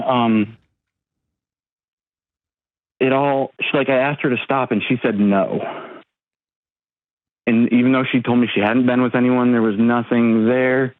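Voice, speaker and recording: A man in his thirties calling an advice show, talking haltingly with many pauses and ums. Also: mid-range voice. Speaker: caller. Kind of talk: call-in advice talk. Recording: tinny phone line.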